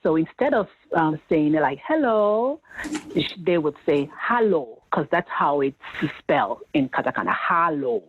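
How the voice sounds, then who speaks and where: A woman's voice: low voice, normal speed, a little hiss or hum. A woman from Jamaica in her thirties, telling family stories in a casual interview, livening up when she quotes her relatives. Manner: storytelling, animated when quoting family. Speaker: guest. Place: home in rural Japan. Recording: tinny phone-like line.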